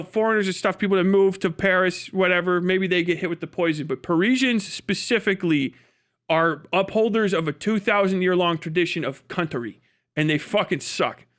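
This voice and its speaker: A man's voice: high voice, normal speed, a bit bright. A man streaming live, chatting casually and ranting with heavy swearing and frequent laughs. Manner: profane, ranting, laughs often. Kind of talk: casual livestream chat.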